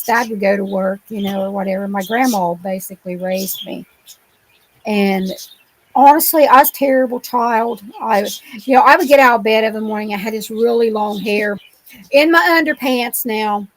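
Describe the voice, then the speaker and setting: A woman from Ohio, speaking as a guest on a remote call, lets her stories run on with lots of "you know" and "um." Her voice sits at an ordinary middle pitch, and she paints scenes in vivid detail. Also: gravelly, poor audio. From Ohio, USA. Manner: rambling, vivid retelling with many fillers. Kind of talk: casual storytelling interview. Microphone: remote call microphone.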